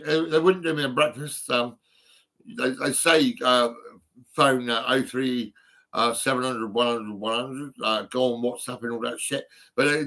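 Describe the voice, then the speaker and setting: A man in his 50s rambles through a personal phone vlog, full of ums and restarts, laughing at his own stories. His voice sits in the mid-range with a slightly bright quality.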